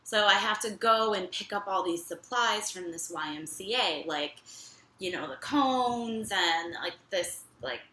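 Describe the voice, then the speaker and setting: A young woman casually telling a personal story in an animated, chatty way, full of fillers. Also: mid-range voice, unhurried, echoey room, poor audio.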